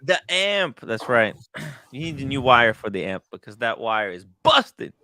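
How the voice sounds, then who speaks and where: Lively, bright-voiced man joking around. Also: medium pitch, a little slow, no echo. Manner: animated, laughs often, jokey. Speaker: podcast panelist. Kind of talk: casual chat.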